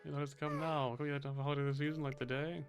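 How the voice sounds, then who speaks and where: Male streamer reading bubbly upbeat horse girl lines, fairly high voice, music behind. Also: little pitch movement, fast talker, lightly acted. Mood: cheerful. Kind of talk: reading game dialogue aloud.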